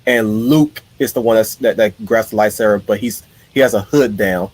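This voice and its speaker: A man's voice: lowish voice, normal speed, no echo. A man hosting a casual live stream, telling his ideas in an eager, rambling way. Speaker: streamer host.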